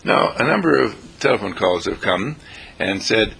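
A man delivers a rambling inspirational radio talk, repeating his phrases with theatrical flair. His voice is bright and forceful yet deeply raspy, with gravelly fry at the bottom. His pitch leaps and swoops in a very lively way. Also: moderate pace. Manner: repetitive, theatrical, breaks into song snatches. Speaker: spiritual radio host.

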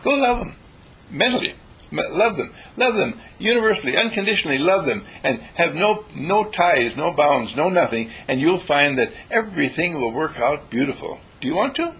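A man giving a motivational talk, animated and acting out little dialogues in changing voices. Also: a little high, normal speed, slight background noise, poor audio. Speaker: inspirational speaker.

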